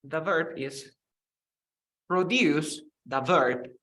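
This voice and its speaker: Young Spanish-speaking man, a touch high-voiced, tutoring English on a video call, repeating words for drills. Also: expressive, moderate pace, bright, forceful tone. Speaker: English teacher. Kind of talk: online English lesson.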